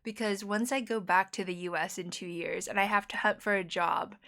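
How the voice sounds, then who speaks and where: A young American woman streaming and chatting casually. She rambles cheerfully, laughs often and keeps up a steady, chatty flow. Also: medium pitch, normal speed. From United States. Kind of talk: casual chat.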